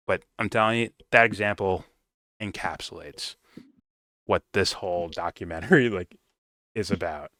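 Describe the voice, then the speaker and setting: A man's voice: low-pitched, moderate pace, pauses often, pushed and bright, no echo. A man giving a casual review, talking bluntly and swearing freely. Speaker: film reviewer. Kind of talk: casual commentary rant.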